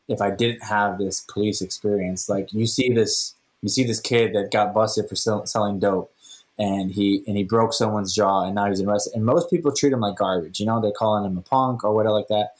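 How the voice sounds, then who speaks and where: Male podcast guest, low-ish voice, animated casual storyteller. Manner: animated, acts out dialogue.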